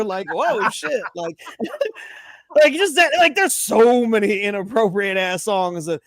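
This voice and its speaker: Animated, opinionated man ranting. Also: high voice, takes it slowly, no echo. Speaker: podcast co-host. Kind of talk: casual chat.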